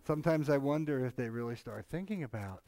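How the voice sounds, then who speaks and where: A man's voice: mid-range voice, expressive, fast talker, dark tone. A man co-hosting a casual Bible discussion, talking in a rambling, conversational way with many asides and frequent chuckles. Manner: chuckles often, mimics others animatedly. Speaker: Bible study co-host.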